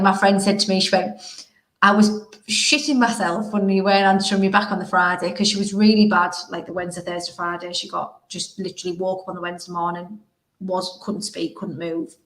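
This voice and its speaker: A young woman hosting a podcast, talking frankly and emotionally in a rambling, casual way. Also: on the low side. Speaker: podcast host. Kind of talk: casual conversation. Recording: roomy echo.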